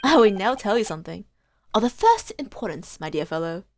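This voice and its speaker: A woman voicing a pompous, theatrical gentleman detective in a game, reading his lines in a grand, formal manner. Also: medium pitch, big pitch swings, a little fast, background noise.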